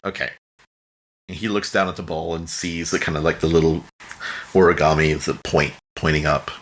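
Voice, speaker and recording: A man's voice: very deep voice, level tone, a little fast, a bit bright. A man narrating a tabletop game as game master in a casual, rambling way, slipping into brief character voices.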